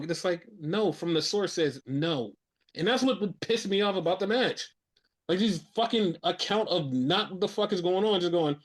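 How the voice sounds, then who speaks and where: A man's voice: high voice, a little slow. Fired-up, foul-mouthed man ranting. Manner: profane, heated ranting; excitable, animated storytelling. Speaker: podcast host. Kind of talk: casual wrestling podcast chat.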